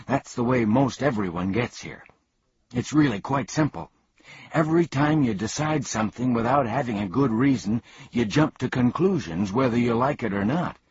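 Homem fazendo um homem confuso e volúvel, voz rouca, som abafado. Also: male voice, mid-range voice, expressive, normal speed, a little mellow, husky, voice pushed up. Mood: eager. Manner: swings between boastful and mournful. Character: confused, changeable grown man. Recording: dull, dry lo-fi recording.

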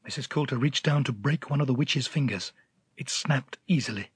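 A man narrating a dramatized audiobook in a measured, gently dramatic way. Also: medium pitch, breathy edge, no echo.

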